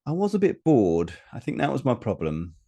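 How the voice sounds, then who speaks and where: A man's voice: medium pitch, wildly swooping pitch, moderate pace, dark tone. A man, co-hosting a casual review chat, hesitant and full of restarts. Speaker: show co-host.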